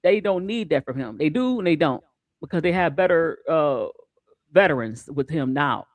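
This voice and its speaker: A man hosting a casual sports talk stream, animated and repeating words as he gets going. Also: fairly high pitch, normal speed, dry recording. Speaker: show host.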